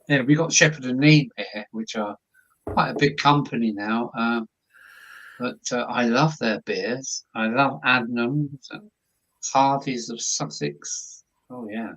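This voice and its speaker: A man's voice: medium pitch, fairly bright tone, low-quality recording. Rambling Kent man chatting on stream. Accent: Kent English. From Dover, Kent, England. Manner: rambling, chuckling, lots of fillers. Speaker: live-stream host. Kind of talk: casual chat while painting.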